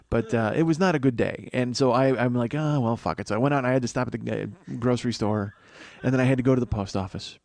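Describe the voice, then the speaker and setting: A man hosting a comedy podcast delivers a long, rambling monologue, profane and self-mocking. His medium-pitched voice is a little mellow, with no room sound in the recording.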